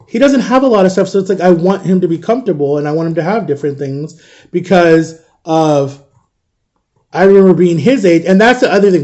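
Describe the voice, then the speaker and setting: A man's voice: high-pitched, mellow, highs cut off. A man in his thirties telling a personal story in a casual storytime vlog, animatedly retelling a conversation and quoting both sides of it.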